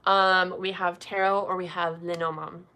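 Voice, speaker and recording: A woman's voice: on the low side, level tone, normal speed, sharp tone. A young woman reading tarot cards on a casual livestream, chatty and full of "um" and "like". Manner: chatty, lots of fillers like 'um' and 'like'. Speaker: tarot reader doing live card pulls.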